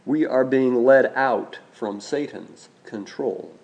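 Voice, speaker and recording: A man preaching a sermon, speaking in a measured way, slowing down and repeating key phrases for emphasis. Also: medium pitch, vocal fry, a little mellow, muffled recording.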